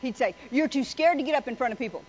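A woman preaches a sermon in a high voice, telling folksy stories and teasing the congregation. The recording is a little dull and muffled, with faint background noise. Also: quick pace, darkish tone. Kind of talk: sermon with storytelling.

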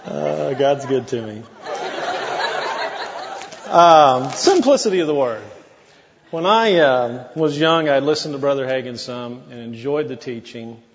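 A man's voice: mid-range voice, unhurried, big-room sound, dull audio, a little hiss or hum. A man preaching a sermon as pastor, in a folksy, conversational way with asides to the congregation.

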